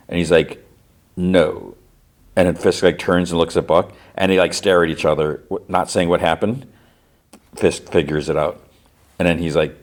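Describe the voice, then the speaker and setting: A man hosting a podcast, casually retelling a TV episode scene by scene in quick quoted dialogue. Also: sits low, darkish tone. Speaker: podcast host.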